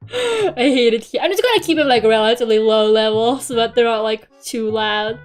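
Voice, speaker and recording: Young woman streamer, high voice, grumbling, swearing, giggly, faint music behind. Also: expressive, normal speed. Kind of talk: casual chat while drawing.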